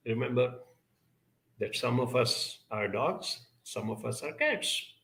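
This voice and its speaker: Man, advice talk, earnest and measured, gravelly voice, echoey room. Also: medium pitch, lively intonation, a bit bright. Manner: measured, earnest, builds lists with many pauses and fillers. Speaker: speaker answering audience questions. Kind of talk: advisory talk on relationships and emotions.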